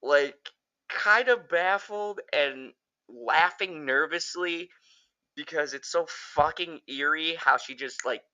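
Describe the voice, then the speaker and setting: A man giving a casual, profane, rambling spoken review of a horror movie, getting excitable and jumping up in pitch when he quotes characters. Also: slow, dull audio. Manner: jumps high when quoting characters.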